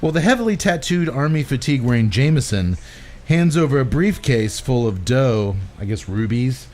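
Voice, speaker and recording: Speaking at normal speed with a medium-pitched voice, this man hosts a podcast and chats casually through a movie recap. He's a lively storyteller who laughs a lot.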